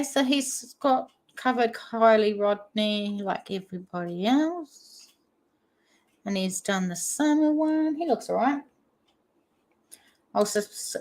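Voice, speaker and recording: Woman with a New Zealand accent, livestream host, unhurried chatty delivery, reads out comments. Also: mid-range voice. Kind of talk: casual livestream chat.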